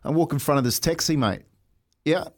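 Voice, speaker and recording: Co-hosting a breakfast radio show from the studio, a New Zealand man tells stories in a casual chat, animated and laughing through them. His pitch is fairly high and he talks a little fast.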